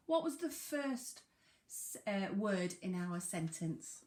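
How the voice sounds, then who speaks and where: Woman teacher for a children's phonics lesson, very slow and lively, bright voice, echoey room. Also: mid-range voice. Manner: slow, sing-song, emphatic sounding out of words. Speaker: primary school teacher.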